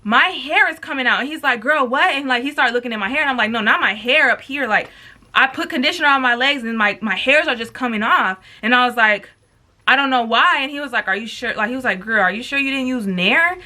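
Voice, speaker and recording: A young woman tells a wild story to her camera. She talks in a loose, slangy, swearing way and acts out the quotes. Her voice sits high, with a very bright, sharp edge. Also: quick pace. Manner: animated, profane, slangy storytelling with acted quotes. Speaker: vlogger. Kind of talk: storytime with mukbang.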